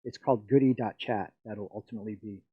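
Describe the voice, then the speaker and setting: A man's voice: fairly low pitch, fairly even intonation, fast talker, husky, no echo, highs cut off. A middle-aged man from the Philippines presenting a live workshop, rambling and chatty with many fillers and frequent laughs.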